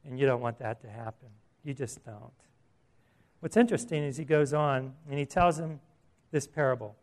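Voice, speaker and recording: A man's voice: medium pitch, normal speed. A man preaching a sermon in a conversational way, asking the audience questions and chuckling at his own asides.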